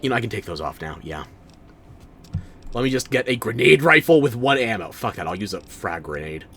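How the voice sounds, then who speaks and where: Wry, lively-voiced male streamer. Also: fairly low pitch, brisk, a little hiss or hum. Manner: wry, sarcastic, talks back to chat. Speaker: streamer playing a game. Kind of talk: casual gameplay commentary.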